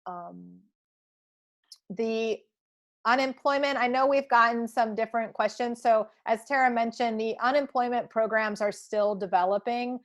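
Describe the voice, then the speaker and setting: A woman's voice: on the high side, steady tone, a little slow. A young woman presenting a live webinar, answering questions with frequent ums.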